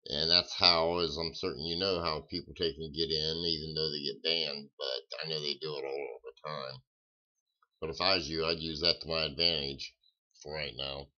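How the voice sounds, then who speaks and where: Speaking with an extremely low, pushed, bright voice, this coin seller chats casually on his live stream. He answers viewers' comments in a drawling, folksy manner, and the lo-fi audio is dull.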